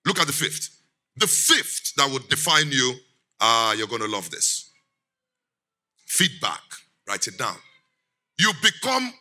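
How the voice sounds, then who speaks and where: A middle-aged man delivers a lively guest sermon, laughing often and firing questions at the congregation. His voice sits a little high and sounds sharp and forceful, with a raspy edge. His pitch swings widely as he preaches. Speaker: guest speaker.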